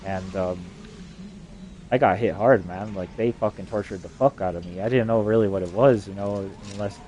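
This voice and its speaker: A man's voice: fairly low pitch, normal speed, warm tone, slight background noise. A man from New Mexico delivering an agitated, profanity-laden rambling monologue. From New Mexico, USA.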